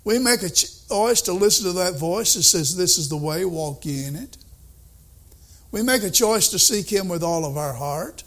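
An older man preaching a sermon, emphatic, swinging between soft asides and excited outbursts. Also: sits high, moderate pace.

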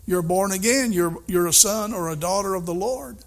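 An older man preaching a sermon, emphatic, swinging between soft asides and excited outbursts. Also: high-pitched, moderate pace.

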